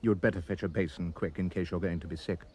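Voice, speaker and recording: A man reading a rhyming children's poem aloud with expressive, sing-song delivery. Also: low-pitched, quick pace, slight background noise. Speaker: reader.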